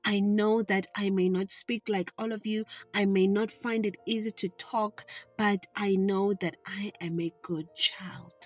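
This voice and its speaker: A woman voicing a shy three-year-old girl who speaks softly and earnestly in a storybook tale. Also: mid-range voice, fairly even intonation, a little slow, lo-fi sound, faint music behind, close to an everyday voice.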